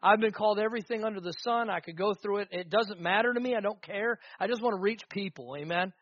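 A man's voice: high-pitched, fast talker, no echo, dull audio. A man preaching a sermon as pastor, with rising fervor and repeated emphatic phrases.

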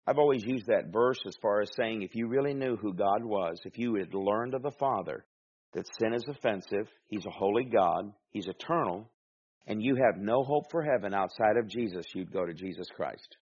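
Husky preacher guy going verse by verse, gets loud and emphatic, kinda muffled recording. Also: on the low side, normal speed. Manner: emphatic, rising loud on scripture readings. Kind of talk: expository sermon, reading scripture aloud.

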